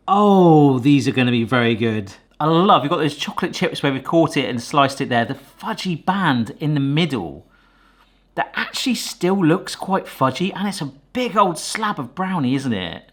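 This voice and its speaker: A man hosting a casual cooking vlog, chatty and quick to exclaim over the food. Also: fairly high pitch. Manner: chatty, excitable, exclaims often. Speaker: cooking video host.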